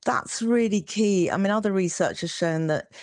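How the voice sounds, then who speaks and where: A woman behavioural psychologist explaining things on a radio show, measured and thoughtful, with small restarts. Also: mid-range voice, darkish tone, no room sound, studio quality. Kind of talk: radio interview answers.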